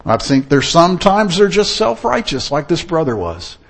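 A man's voice: a little high, big pitch swings, moderate pace, creaky. A man preaching a sermon in an earnest, storytelling manner. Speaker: pastor.

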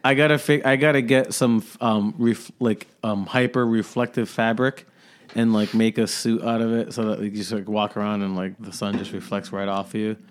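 A man's voice: fairly low pitch, flat delivery, moderate pace. A man on a comedy podcast, musing aloud in a hesitant way, full of ums and likes. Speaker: podcast co-host. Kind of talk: casual comedic banter.

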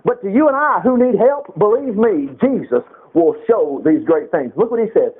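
A man's voice: high voice, animated, moderate pace, husky. A middle-aged man preaching a sermon, reading scripture aloud and breaking off into casual asides. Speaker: pastor. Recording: tinny phone-like recording.

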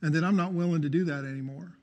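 A man with a notably high voice preaches his testimony with fervor and keeps calling out for amens. The sound carries a long reverb, as if from a church hall. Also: rapid-fire, darkish tone. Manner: fervent, calls out for amens. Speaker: testimony speaker.

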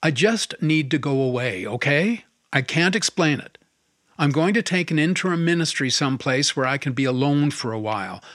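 A man voicing a middle-aged priest who is breaking down, strained and halting, sometimes shouting. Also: on the high side, expressive, dry recording, clean studio sound.

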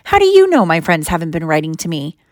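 A woman's voice: sits low, wildly swooping pitch, fast talker, no room sound, clean studio sound. A woman voicing a young boy wizard, frustrated and defiant, in a storybook read-aloud. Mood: earnest, upset.

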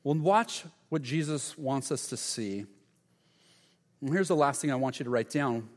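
A man preaching a sermon as pastor, earnest, letting key lines fall soft and low. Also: normal speed, in a large hall.

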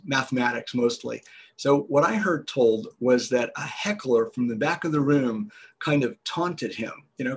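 A man, a business guest on a podcast, explaining ideas in a measured storytelling way. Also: medium pitch, husky. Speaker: guest entrepreneur.

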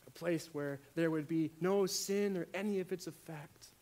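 A man delivering a sermon in a fairly high voice. He drops to near-quiet, then rises to loud, emphatic declarations, repeating words as he builds his point. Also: moderate pace. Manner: dynamic, swings from hushed to loud emphasis. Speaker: preacher.

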